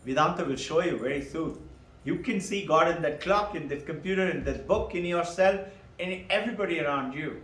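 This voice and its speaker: A man's voice: high-pitched, moderate pace, reverberant, soft background music. A man teaching spiritual philosophy, asking rhetorical questions and answering them himself with frequent chuckles. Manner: animated, chuckles often. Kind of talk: lecture on Vedanta.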